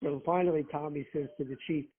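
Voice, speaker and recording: A man's voice: a little high, quick pace, husky. A man who was a rescue firefighter, telling profane anecdotes in casual chat and acting out the quotes. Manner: profane, animated storyteller who acts out quotes. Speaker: guest, former rescue firefighter. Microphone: phone. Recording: tinny phone line.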